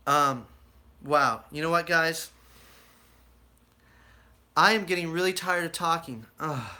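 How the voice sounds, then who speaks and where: This young American man recounts his life story to his live-chat viewers slowly, with long pauses, in a voice on the high side. Casual and rambling, he's an animated teller who acts out the voices he quotes.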